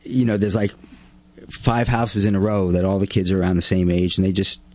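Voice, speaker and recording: A man's voice: low-pitched, flat delivery, a little fast, a little mellow. A man, a surgeon guest on a radio show, talking casually with frequent restarts. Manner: hesitant, many restarts and fillers.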